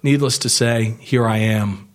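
A man's voice: lowish voice, steady tone, measured pace. A man telling a wild story from his past as a podcast guest, swearing freely and acting out the voices of the people in it. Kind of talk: casual storytelling.

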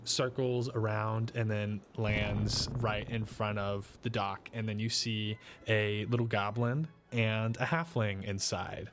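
As game master of a tabletop role-playing game, a man narrates and describes scenes in a relaxed way, using frequent fillers. His voice has a medium pitch.

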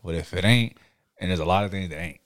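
A man's voice: low-pitched, quick pace, no echo, studio quality. A young adult man hosting a casual podcast chat, telling profane stories and acting out quotes with lots of laughter. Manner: profane, laughing storyteller who acts out quotes. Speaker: podcast host.

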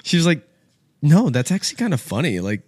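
A man's voice: a little high, big pitch swings, fairly quick, a little mellow, slightly rough, dry recording, clean studio sound. A man, a podcast guest telling a rowdy story in casual chat, acting out the people he quotes and swearing freely. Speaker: podcast guest, golf apparel co-founder.

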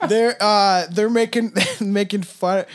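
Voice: mid-range voice, fairly even intonation, takes it slowly. Rambling, profane podcast co-host from Canada. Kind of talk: casual chat. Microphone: headphones and mic, remote.

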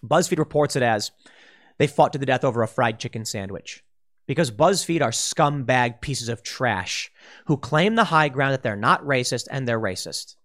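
A man's voice: mid-range voice, animated, normal speed, fairly bright tone. A man giving opinion commentary in an exasperated, combative ranting manner. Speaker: political commentator.

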